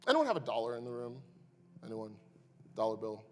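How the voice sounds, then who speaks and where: A man preaching a sermon as pastor, moving between hushed asides and loud, impassioned climaxes. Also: mid-range voice, sing-song, fairly quick. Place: church sanctuary. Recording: long reverb, faint music behind.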